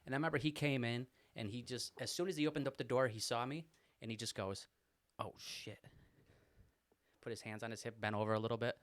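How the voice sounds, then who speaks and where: Young male co-host, animated, rambling storytelling chat. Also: medium pitch, fast talker, dry recording. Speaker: podcast co-host.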